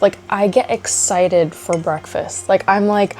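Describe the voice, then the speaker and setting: A woman's voice: medium pitch, steady tone, a little slow, hardly any pauses, warm tone, soft background music. A woman in her twenties chatting casually at home in a vlog, rambling with lots of likes and little laughs. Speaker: vlogger.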